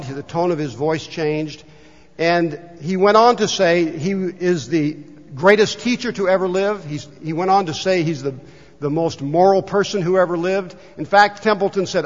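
Man preaching a sermon, pastor, fairly high voice, storytelling, long church reverb, muffled lo-fi sound. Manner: storytelling, reads book passages aloud slowly. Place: church sanctuary.

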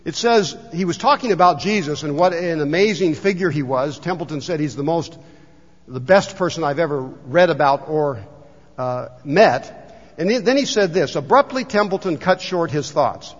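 A pastor gives a sermon, a man with a somewhat high voice who tells stories and reads passages in an unhurried way. His words ring out with a long reverb in the sanctuary. The recording is dull and lo-fi. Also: animated. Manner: storytelling, reads book passages aloud slowly. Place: church sanctuary.

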